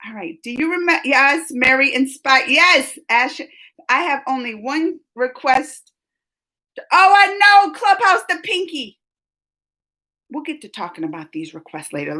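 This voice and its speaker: A woman with a high, bright voice talks casually to her live-stream viewers. She is excitable and chatty and laughs often. Her sentences ramble, with many restarts along the way. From United States.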